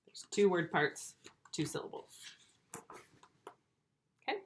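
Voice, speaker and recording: A woman teaching first graders in a recorded video lesson, speaking slowly and clearly, stretching words out and asking patient, encouraging questions. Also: mid-range voice, expressive, sharp tone. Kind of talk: remote video lesson for young children.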